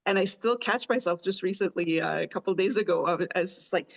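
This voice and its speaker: A woman's voice: fairly low pitch, quick pace, vocal fry. A woman hosting a podcast in casual chat, chatty and often laughing as she talks. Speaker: podcast host.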